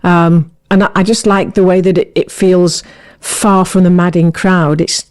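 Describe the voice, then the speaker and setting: A woman's voice: fairly low pitch, little pitch movement, darkish tone, clear, resonant tone. A woman co-hosting a podcast in playful, joking casual chat. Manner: playful, jokey, quick to laugh. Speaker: podcast co-host.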